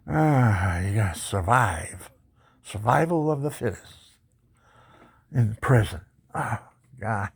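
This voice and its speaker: A man telling his life story in a personal testimony, animated and boastful, laughing often. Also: fairly low pitch, takes it slowly, gravelly, long pauses, husky, dry recording.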